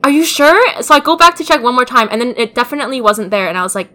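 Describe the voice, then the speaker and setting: Bright, animated young woman telling a story. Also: on the high side, rapid-fire. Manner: animated storytelling, acts out quoted voices. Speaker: podcast co-host. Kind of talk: casual chat.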